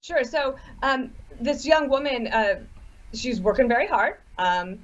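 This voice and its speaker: Woman guest telling brisk anecdotes. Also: high voice, expressive, highs cut off. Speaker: guest author. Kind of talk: conversational radio interview.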